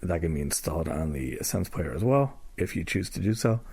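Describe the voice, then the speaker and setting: A man with a very low voice talks through a device demo in a loose, conversational way. His voice is husky and slightly breathy, and he fills gaps with ums and quick self-corrections. He was recorded on a handheld portable recorder. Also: animated, a little mellow. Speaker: assistive tech demonstrator. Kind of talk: casual spoken demonstration.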